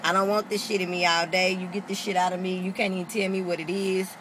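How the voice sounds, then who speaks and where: A woman's voice: on the low side, fast, background noise. A woman vlogger telling a story casually to the camera, swearing freely and acting out the people she quotes. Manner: animated, profane, acts out quotes.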